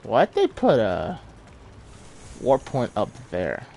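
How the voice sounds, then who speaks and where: A man's voice: mid-range voice, huge pitch swings, slow, vocal fry, a little mellow, a little hiss or hum. A man giving casual, self-deprecating live commentary while streaming a game, chuckling often.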